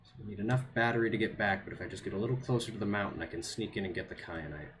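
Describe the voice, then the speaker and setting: Talking very fast in a lowish voice over a noisy background, a man narrates his live gameplay to chat. His self-talk is nervous and repetitive, with phrases recurring under pressure.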